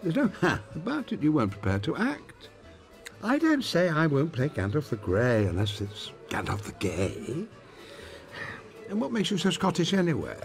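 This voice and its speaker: A man's voice: a little high, huge pitch swings, moderate pace, gravelly, soft background music. An older man from northern England in a scripted radio comedy, speaking in an indignant, scolding way. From Burnley, northern England. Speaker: actor in a comedy sketch.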